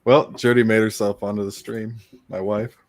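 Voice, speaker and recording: Relaxed man chuckling through a chat. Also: lowish voice, normal speed, no echo. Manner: relaxed, laughs often. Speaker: streamer and podcast host. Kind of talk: casual chat.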